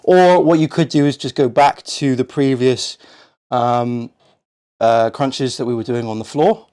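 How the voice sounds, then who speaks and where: A man's voice: medium pitch, measured pace, a little mellow, clear, resonant tone. A man coaching a home workout, out of breath, counting reps aloud and encouraging. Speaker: fitness coach.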